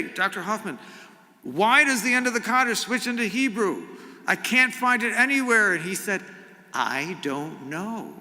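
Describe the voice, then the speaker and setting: A middle-aged rabbi gives an informal sermon in a synagogue sanctuary, his medium-pitched voice carrying a sharp edge. He talks conversationally, adding humor and asides, and the room leaves a long reverb.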